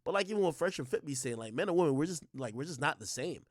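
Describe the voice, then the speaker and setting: Male streamer host: high voice, heated profane rant, lots of filler words, dry close sound. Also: animated, fast, no echo. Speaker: livestream host. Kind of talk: ranting livestream commentary.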